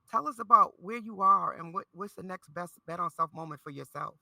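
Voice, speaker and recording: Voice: mid-range voice, animated, brisk, gravelly, few pauses, pushed and bright, dry recording. A therapist and life coach hosting an interview, encouraging and playful with words.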